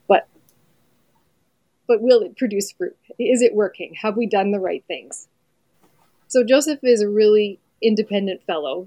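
A woman in her forties, a mother, talking earnestly and reflectively about her faith on a podcast, with soft laughs along the way. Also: mid-range voice, dry recording.

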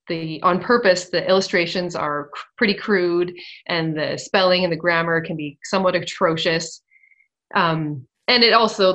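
A woman's voice: lowish voice, fairly bright tone, rough recording. A woman in her thirties on a radio program, telling a family story casually, laughing often and turning emotional.

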